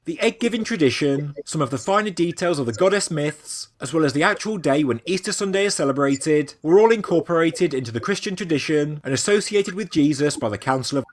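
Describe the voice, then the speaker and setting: Man, fairly high voice, scripted documentary narration, measured and even.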